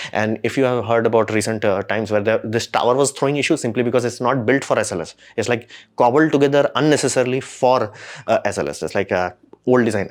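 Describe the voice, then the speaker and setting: A man hosting a casual commentary, talking in a rambling, slangy, exasperated way with frequent animated outbursts. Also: mid-range voice. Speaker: host.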